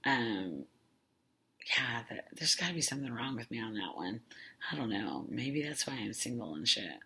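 A woman hosts her own podcast in a loose solo monologue, her voice bright and forward. She swears casually and keeps drifting off her point before circling back. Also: very deep voice, sing-song, moderate pace. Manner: rambling and profane, with many fillers and self-interruptions. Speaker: podcast host.

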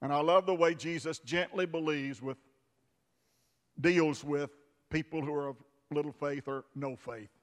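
High bright-voiced preacher guy, fired up, goes quiet then yells, long church echo. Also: fairly even intonation, unhurried. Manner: fervent, swings from hushed to shouting. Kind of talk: sermon. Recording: long hall reverb of a church.

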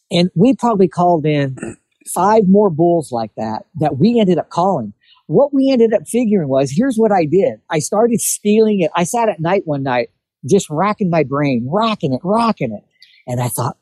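Mellow-voiced man telling a hunting story. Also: high voice, no room sound, poor audio. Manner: animated storyteller acting out quotes. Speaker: guest telling hunting stories. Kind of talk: casual storytelling.

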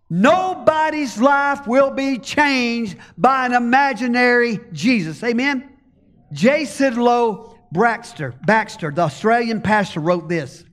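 A male pastor with a strikingly high voice delivers a sermon in an unhurried, measured way. He talks conversationally and poses rhetorical questions to his congregation. His words ring out with a long reverb from the church hall. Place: church stage.

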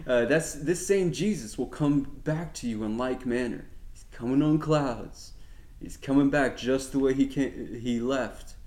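A man's voice: medium pitch, unhurried, a little mellow. A man teaching a sermon, speaking earnestly with many restarts, then reading scripture aloud. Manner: reads scripture aloud steadily. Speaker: Bible teacher.

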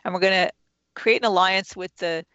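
A woman, an author and interview guest, calmly explaining self-help steps and guiding the listener through them one by one. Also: fairly low pitch, moderate pace. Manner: calm, instructive, walks the listener through steps. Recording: dull, lo-fi and dry.

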